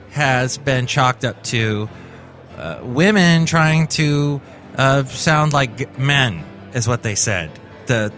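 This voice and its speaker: Man hosting a chatty show, bright voice, animated pitch, rambling, self-correcting. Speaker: host. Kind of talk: casual commentary.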